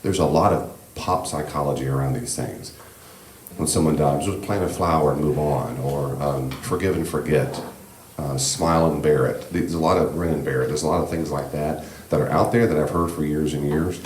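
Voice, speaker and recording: Male church class teacher, extremely low voice, gentle and reassuring, conversational, echoey room. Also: normal speed. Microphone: handheld microphone. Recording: echoey room with faint background hiss.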